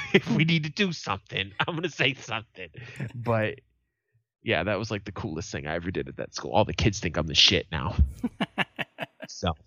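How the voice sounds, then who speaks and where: Guy in his 30s cussing through a story on a podcast, lowish voice, dull dry mic. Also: moderate pace, pauses often, dry recording. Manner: profane storytelling, animated quoted voices. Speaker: podcast co-host. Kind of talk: casual chat.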